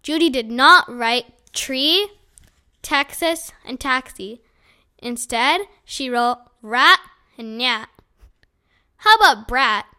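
A woman reading a children's chapter book aloud in a lively, expressive storytelling manner. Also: high voice, slow pace, smooth. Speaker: audiobook reader.

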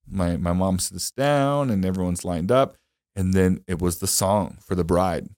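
A man's voice: low voice, measured pace, darkish tone, no room sound, clean studio sound. A young man as a podcast guest, telling a personal story in casual chat, rambling and emotional with many fillers and restarts.

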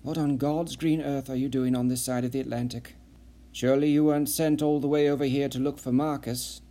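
A male narrator voices a seasoned, shrewd spy who chooses his words with dry, pointed care. The voice is dark and mellow, natural and at the narrator's everyday pitch, a little fast, and steady and probing with a wry mood.

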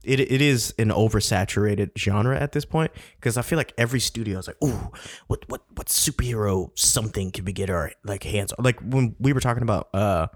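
A man's voice: fairly low pitch, brisk, hardly any pauses, dry recording, clean studio sound. A man co-hosting a podcast in casual chat, rambling, cursing and laughing often. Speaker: podcast co-host.

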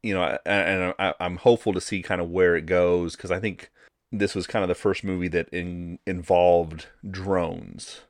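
A man with a very low voice talks through a film in a casual review chat. He is relaxed and often restarts his words. The sound is dry and close. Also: moderate pace, no echo. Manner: relaxed, repeats words while thinking. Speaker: podcast co-host.

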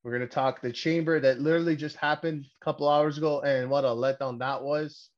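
Male podcast host, Canadian, a little high-pitched, swears a lot and rambles, dull lo-fi mic. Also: a little fast. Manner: profane, rambling, excitable. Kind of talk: casual wrestling podcast chat.

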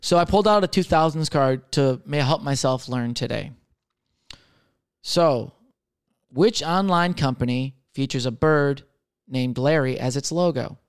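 A man's voice: medium pitch, a little slow, clear, resonant tone. A man in his thirties chatting casually on his own, sarcastic and crude, mocking himself as he tells stories. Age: 30s. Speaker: server, solo podcaster. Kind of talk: casual solo chat answering question cards.

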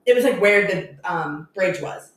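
A young woman telling a story in casual chat, animated and laughing often, with lots of "like"s. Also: lowish voice, a little slow. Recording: very echoey room.

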